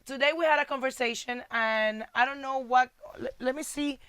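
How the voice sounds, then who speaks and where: High, bright-voiced teasing woman. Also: normal speed, clear, resonant tone, no echo. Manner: teasing, blunt, animated. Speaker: host. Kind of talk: casual chat.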